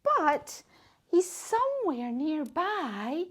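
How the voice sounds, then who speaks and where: A woman voicing a hooting owl in a children's storybook yoga class, repeating its call in a high cry. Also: sing-song, very slow, heavily acted.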